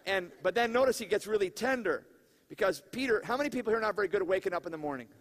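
Pastor, man, higher voice, animated conversational sermon, jokes and crowd questions. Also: racing.

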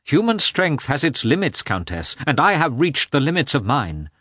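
A man's voice: very animated, normal speed, sharp tone, slightly rough, no room sound, clean studio sound, exaggerated voice. Man doing a broken, shaky-voiced official. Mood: anguished. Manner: strained, high-pitched, shaky. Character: broken humiliated official, middle-aged, self-pitying. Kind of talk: audiobook character voice.

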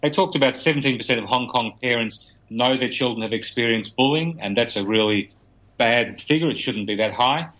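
A man's voice: mid-range voice, a little fast, fairly bright tone, poor audio. A man from Australia, a business futurist guest on a radio show, explaining survey figures in a conversational way. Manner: explanatory, cites research. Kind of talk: radio interview chat.

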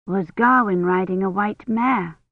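An audiobook narrator voicing a gentle young medieval mother who speaks in a soft, soothing way. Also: medium pitch, measured pace, dry recording. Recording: dull, lo-fi dry recording.

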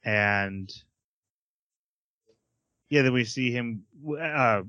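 A man co-hosting a casual podcast, recapping an anime episode with lively retellings and acted-out character lines. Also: mid-range voice, extremely slow, no echo, dull audio. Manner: animated retelling, acting out characters' lines, laughs often. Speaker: podcast co-host reviewing anime.

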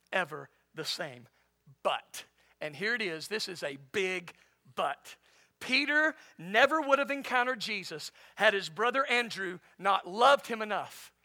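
Animated preacher man, gravelly voice. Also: sits high. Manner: animated preaching, swings from loud to soft. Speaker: pastor. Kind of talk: sermon.

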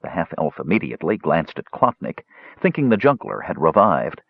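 Male fantasy narrator, low and lively, dry dull lo-fi sound. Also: slightly rough. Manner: expressive, measured reading. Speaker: audiobook narrator.

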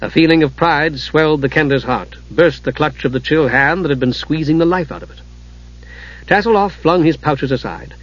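A man with a fairly high voice reads a fantasy audiobook, pacing the action with measured drama. The recording has a dull, lo-fi sound to it. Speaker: audiobook narrator. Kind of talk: scripted fantasy audiobook narration.

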